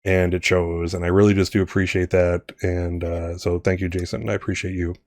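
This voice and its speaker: Low-voiced rambling game master. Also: male voice, flat delivery, brisk, dry recording, studio quality. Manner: rambling, many restarts and swearing. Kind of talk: casual campaign wrap-up chat.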